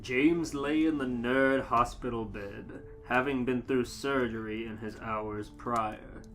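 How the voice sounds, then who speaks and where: A man reading silly fan fiction aloud at a slow, deliberate pace, tripping over words as he goes. His pitch is mid-range. Soft music hums underneath. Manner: halting read-aloud, stumbling and cracking up. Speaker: podcast co-host, fan-fiction reader.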